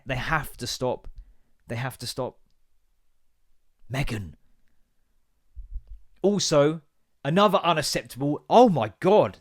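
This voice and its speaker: A man, hosting a casual solo podcast and ranting in a sweary, sarcastic, animated way. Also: mid-range voice. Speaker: podcast host.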